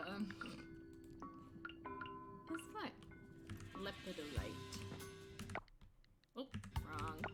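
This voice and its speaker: Woman game streamer, unhurried, muses aloud over loud game music. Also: mid-range voice. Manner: rambling, thinks aloud, self-mocking. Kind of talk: casual gameplay commentary.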